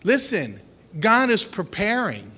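Man preaching, high bright voice, slow and animated, acts out voices, long hall reverb. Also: breathy edge. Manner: animated, acting out voices of worried people and God. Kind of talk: sermon. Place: church hall with a congregation.

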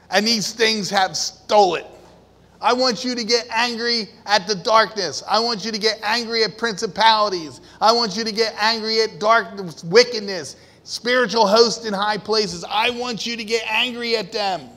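A male preacher delivers a fervent sermon in a high, bright voice. He takes his time and lets words land, then rises to loud emphasis. The sound rings with the long echo of a large hall. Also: moderate pace. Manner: impassioned, swinging from quiet to shouting.

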